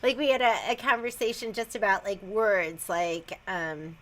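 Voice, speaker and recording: A woman's voice: medium pitch, fairly even intonation, a little slow, a bit bright. A woman co-hosting a casual livestream, a mother of two who talks in a chatty, self-deprecating way and laughs between her words.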